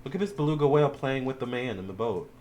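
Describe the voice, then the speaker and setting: A man's voice: mid-range voice, expressive, fast, a little mellow, a little hiss or hum. Chatty man giving a tarot reading. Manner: chatty and emotional, addresses viewers as y'all and child. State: teary-eyed. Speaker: tarot reader. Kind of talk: casual tarot reading video.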